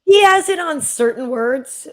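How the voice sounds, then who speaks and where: A woman's voice: sits high, lively intonation, measured pace. A woman from New England hosting a casual podcast, easygoing and agreeable. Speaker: host.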